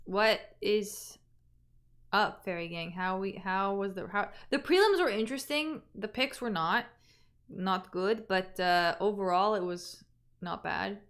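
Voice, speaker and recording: A woman's voice: mid-range voice, unhurried, fairly bright tone. A young woman from Canada chats loosely with her livestream viewers. She rambles, trails off mid-thought and starts her sentences over. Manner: chatty, trailing off and restarting. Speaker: livestream host. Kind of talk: casual livestream chat.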